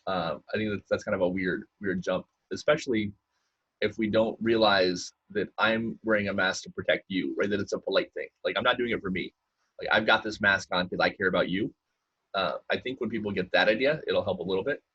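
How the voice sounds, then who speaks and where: Podcast co-host, male, very low husky voice, loose chatty delivery. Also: fairly bright tone, muffled recording. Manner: loose and conversational, many "right?" and "um". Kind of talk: casual podcast chat.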